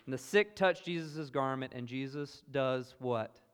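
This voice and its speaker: A man with a Southern US accent preaching a sermon, earnest and emphatic, moving between loud exclamations and hushed asides. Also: medium pitch, measured pace, clean tone. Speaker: pastor. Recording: long hall reverb.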